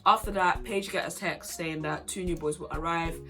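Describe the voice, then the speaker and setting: A young woman runs through a reality show in casual vlog commentary. She is sassy and animated, calling people out directly. Faint music plays softly behind her. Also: fairly low pitch, normal speed. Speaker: vlogger.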